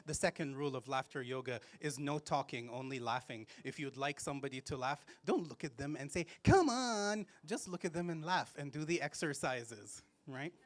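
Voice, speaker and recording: A man's voice: medium pitch, brisk, few pauses, fairly bright tone, no echo. A man leading a laughter yoga workshop for a live group, playful, giving step-by-step instructions between bursts of laughter and cheers. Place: festival event space with a live audience.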